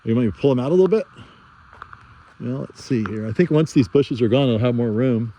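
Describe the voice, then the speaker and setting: Jokey man with a mellow voice. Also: medium pitch, fairly quick. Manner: jokey, enthusiastic interviewer. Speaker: host, tree planter. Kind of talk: casual outdoor chat. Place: outdoors in a yard.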